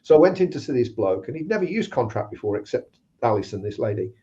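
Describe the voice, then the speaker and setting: A man invited to talk about recruitment recounts work anecdotes in casual chat, impersonating the people he quotes. He speaks fast in a warm, medium-pitched voice with big pitch swings, and the sound is slightly dull and lo-fi.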